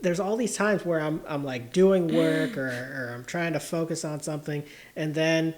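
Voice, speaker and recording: A podcast co-host in casual comedic chat, with a dry, deadpan manner and brief affirmations. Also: mid-range voice, normal speed.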